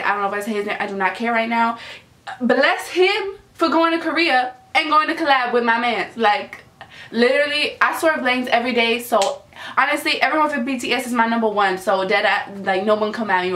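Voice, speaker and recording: Gushing young woman, bright voice, echoey room. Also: on the high side, fairly quick. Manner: gushing, swears freely, slangy, repeats herself. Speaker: vlogger reacting to a music video. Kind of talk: excited reaction vlog. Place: at home, just woke up.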